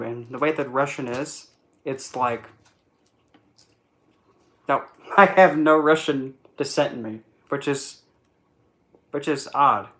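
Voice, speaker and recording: A vlogger and spiritual instructor rambles through a casual Q&A, joking and breaking off mid-thought. His mid-range voice is fairly even and fairly bright, a little slow with frequent pauses. He's on an in-ear headset mic, and the recording is rough.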